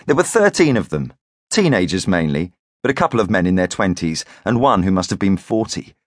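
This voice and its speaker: A male audiobook narrator reads in a grave, measured way. His voice sits fairly low and is recorded close and dry, with no room around it. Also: dry recording. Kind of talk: scripted narration.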